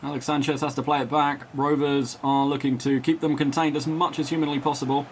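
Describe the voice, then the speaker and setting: A man doing live play-by-play commentary, calling player names in quick bursts, chatting and laughing with viewers, and rising to shouts when a goal goes in. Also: a little high, flat delivery, slight background noise. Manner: chats and laughs with viewers between calls. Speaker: match commentator.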